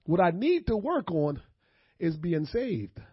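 Man, preacher, high voice, dry, dull lo-fi sermon audio. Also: very animated, takes it slowly, breathy edge, no echo. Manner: swings from low murmurs to shouted preaching; calls out to the congregation. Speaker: pastor.

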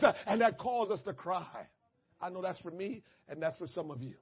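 Man, preacher, sermon, very high voice, shouted emphasis, dull lo-fi sound. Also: expressive, normal speed, husky. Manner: impassioned preaching, swings between soft asides and shouted emphasis; addresses the congregation directly.

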